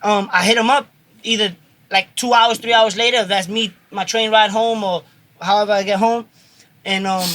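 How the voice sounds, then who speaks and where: A young man co-hosting a casual podcast, talking quickly and excitably in slang. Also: high voice. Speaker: podcast co-host.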